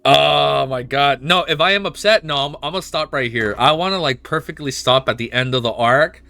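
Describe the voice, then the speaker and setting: A man streaming at home, reading a webnovel aloud and reacting with emotional, excitable outbursts full of swearing. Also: fairly high pitch, moderate pace, vocal fry. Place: at home with his dog.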